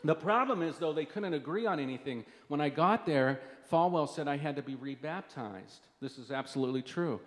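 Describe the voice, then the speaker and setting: Stand-up guy, wry storytelling, bit high voice, hall echo. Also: animated, fairly quick, hardly any pauses. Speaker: stand-up comedian. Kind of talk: stand-up comedy. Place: live comedy stage. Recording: reverberant hall.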